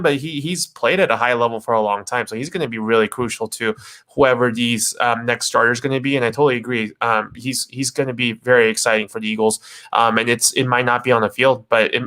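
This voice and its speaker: A relaxed man talks sports on a casual livestream, filling pauses with um and you know and laughing along with his co-host. His voice sits at an ordinary pitch for a man. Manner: laid-back, laughs often, many fillers.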